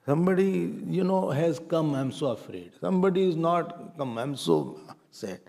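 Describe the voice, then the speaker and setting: A middle-aged man with an Indian accent, teaching a spiritual class in a lively, playful way. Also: on the high side, moderate pace, vocal fry. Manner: animated, playful, mixes Hindi phrases. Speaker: Vedanta teacher.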